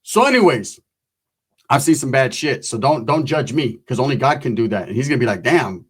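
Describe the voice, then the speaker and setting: A man's voice: medium pitch, animated, fairly quick, breathy edge. A middle-aged man, telling a loose, profane story with slang and constant asides. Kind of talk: casual storytelling.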